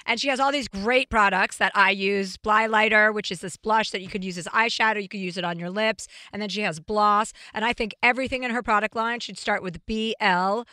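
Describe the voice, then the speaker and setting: A woman's voice: mid-range voice, fairly even intonation, brisk, few pauses, bright, forceful tone, no echo, clean studio sound. A woman hosting a talk show, brash and teasing with crude jokes, also reading an ad. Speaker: podcast host. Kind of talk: casual chat.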